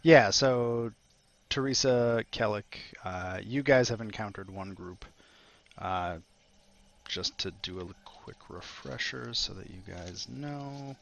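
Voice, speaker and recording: A man's voice: on the low side, slow pace, gravelly, lo-fi sound. A man running a tabletop game as game master, narrating in a rambling way with many fillers.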